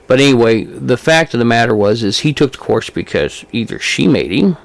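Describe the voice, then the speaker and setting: Male podcast co-host, gravelly voice, casual rambling storyteller, ghost-investigator vibe. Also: mid-range voice, expressive, a little fast, no echo. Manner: rambling, filler-heavy anecdote telling.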